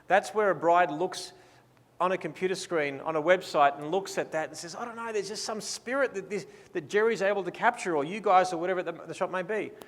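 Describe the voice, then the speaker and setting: A man's voice: high-pitched, brisk. Australian man presenting in a reverberant hall. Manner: enthusiastic, casual and playful. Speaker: photography seminar presenter. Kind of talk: seminar talk with live posing direction.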